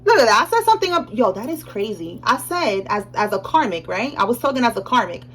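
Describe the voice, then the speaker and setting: A young woman with a high voice talks through a tarot reading in a loose, slangy way. She keeps checking in with "all right?" and laughs often as she goes. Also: sing-song, fast, slight background noise, low-quality recording. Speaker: tarot reader. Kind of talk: casual tarot reading monologue.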